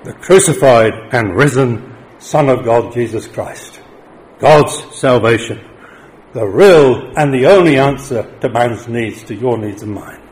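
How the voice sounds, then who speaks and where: Middle-aged male preacher, mid-pitched voice, sermon delivery that swings between forceful emphasis and hushed solemnity. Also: lively intonation, unhurried, low-quality recording. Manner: rises to emphatic declarations, drops low for solemn points.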